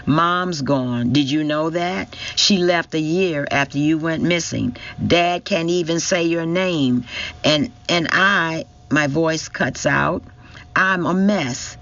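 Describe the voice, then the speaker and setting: A man's voice: on the high side, slow, fairly bright tone, dull audio. A man narrating a first-person thriller, reading emotionally and intensely. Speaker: audiobook narrator.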